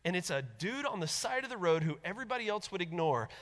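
Bright-voiced man preaching in a reverberant hall. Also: high voice, fast. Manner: animated, conversational, acts out quoted voices. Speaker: pastor. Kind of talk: sermon.

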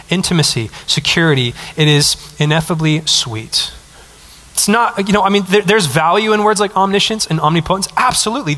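A man's voice: high voice, bright, forceful tone. A pastor in his thirties preaching a sermon in a conversational, emphatic way, with asides to the congregation.

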